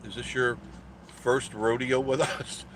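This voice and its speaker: A man's voice: mid-range voice, fairly even intonation, slow pace, noisy background. A man hosting a casual live stream, telling a rambling story with a sarcastic edge and greeting viewers in the chat.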